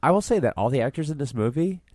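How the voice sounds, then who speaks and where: A man's voice: mid-range voice, lively intonation, fast talker, darkish tone, dry recording, clean studio sound. A man co-hosting a podcast, rambling about movies with good humor. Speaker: podcast co-host. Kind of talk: casual podcast chat.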